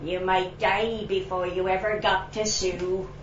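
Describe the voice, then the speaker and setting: A woman's voice: mid-range voice, flat delivery, a little slow, slight background noise. A woman reading a comic rhyming poem in a Belfast accent, with a playful, lilting delivery. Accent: Belfast (put on). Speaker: open-mic poet. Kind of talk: humorous poetry reading. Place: echoey venue, live event. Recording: echoey room, distant, dull sound.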